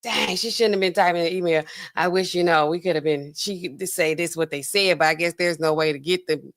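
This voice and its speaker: A woman pharmacist hosting a casual livestream and talking to her chat in an animated, chatty way full of fillers. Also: fairly low pitch, fairly quick.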